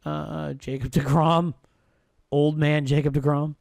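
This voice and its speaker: Man, live-stream game commentary, swearing, muttering, slightly high voice, dry close sound. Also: little pitch movement, unhurried, vocal fry, a little mellow, no echo. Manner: swears freely, mutters and thinks aloud. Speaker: streamer playing a baseball video game.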